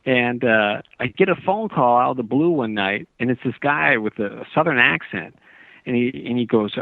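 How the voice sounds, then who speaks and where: A man's voice: medium pitch, animated, normal speed, gravelly, no room sound. Man telling a long story by phone. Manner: meandering, earnest, with many restarts. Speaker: author guest. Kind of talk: storytelling in a radio interview. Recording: tinny dry phone line.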